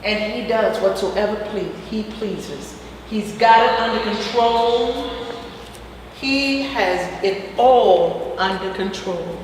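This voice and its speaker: A woman's voice: mid-range voice, takes it slowly. A woman teaching a casual spiritual health class who peppers her talk with hallelujahs and fillers, speaking in an echoey room. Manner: warm and preachy, frequent hallelujahs and fillers. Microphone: far from the mic. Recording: echoey distant room with faint noise.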